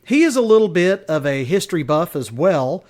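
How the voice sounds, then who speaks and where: A man's voice: on the high side, big pitch swings, normal speed, a little mellow. A man hosting a casual podcast monologue, telling stories in a rambling way with chuckles and lots of fillers. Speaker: podcast host.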